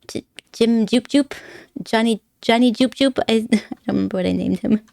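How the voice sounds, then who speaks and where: Chatting casually with viewers at a normal pace, a woman streamer rambles, giggles often, and teases her chat in good fun. Her voice is slightly high, creaky, and mellow, in a clean, dry studio recording.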